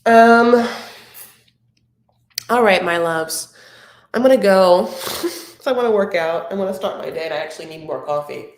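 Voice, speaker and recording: A woman hosting a live recap stream, chatting casually and rambling fondly to her viewers. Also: mid-range voice. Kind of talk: casual chat reading viewer comments. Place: home room. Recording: roomy echo.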